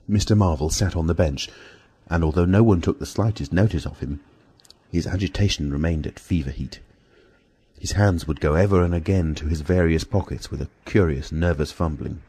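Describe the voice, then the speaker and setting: A man reads an audiobook in a measured, unhurried way. His voice is very deep, dark and mellow, with a husky grain to it. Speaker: audiobook narrator. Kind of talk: scripted narration.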